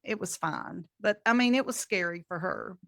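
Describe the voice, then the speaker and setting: A woman's voice: medium pitch, normal speed, no echo, studio quality. A middle-aged woman co-hosting a podcast, telling stories in casual chat and acting out the quotes. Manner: animated storyteller, acts out quotes. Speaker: podcast co-host.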